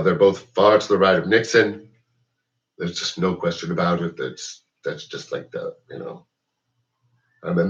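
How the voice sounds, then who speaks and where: Low-voiced man ranting off mic. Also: recorded from a distance, lo-fi sound. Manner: rambling, profane, heavy with "like" and "you know". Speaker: host. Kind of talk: rambling political rant.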